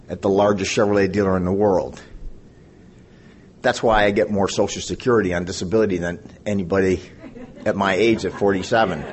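At a recovery meeting, a fifty-something man shares his testimony in a fairly low voice, with a little hiss or hum on the recording. He rambles through his story and jokes with those listening.

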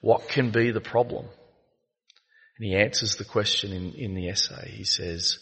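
A man giving a reflective personal share at a recovery meeting, telling stories with many halting fillers. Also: on the low side, gravelly, fairly bright tone, breathy edge. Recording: long echo of a meeting hall.

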